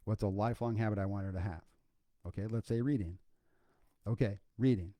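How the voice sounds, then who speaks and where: A middle-aged man with a fairly low, warm voice hosts a faith podcast. He talks in a loose, folksy way, full of asides and check-ins with the listener. The sound is close and dry. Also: steady tone, fairly quick, no room sound. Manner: casual, conversational, folksy with fillers and asides. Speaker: podcast host.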